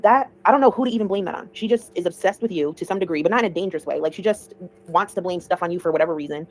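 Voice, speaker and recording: A woman's voice: on the low side, very fast, low-quality recording. A woman hosting a casual livestream, giving chatty, opinionated commentary.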